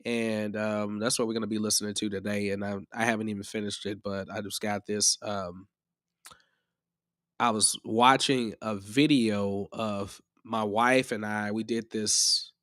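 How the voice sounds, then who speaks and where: A man's voice: lowish voice, flat delivery, unhurried, fairly bright tone, no room sound. Chatty man, dry close sound. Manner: rambling and chatty, often restarts. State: a bit under the weather. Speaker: music production tutor. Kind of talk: casual live-stream chat.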